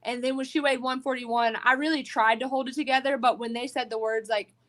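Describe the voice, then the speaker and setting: Woman fighter guest, fairly high voice, animated and salty, chatty podcast storytelling. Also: a little fast. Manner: animated, profane storytelling full of "like". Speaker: bare-knuckle fighter guest. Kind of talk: casual podcast interview.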